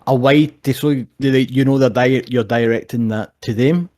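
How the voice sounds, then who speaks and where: Scottish man, young adult, mellow low tone, swearing, animated storytelling, casual sports chat. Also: normal speed. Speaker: co-host.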